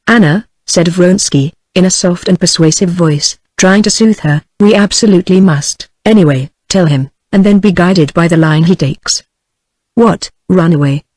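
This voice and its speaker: A text-to-speech woman's voice with a British English accent, reading a novel aloud in an even, uninflected way. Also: lowish voice, slightly rough, dry recording, low-quality recording. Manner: even, uninflected reading of dialogue and narration alike. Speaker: narrator. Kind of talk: text-to-speech audiobook narration.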